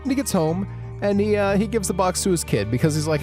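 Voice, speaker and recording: A man hosting a podcast, telling a creepy story in a wry, animated way. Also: high-pitched, quick pace, over music. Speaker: podcast host. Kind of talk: casual storytelling.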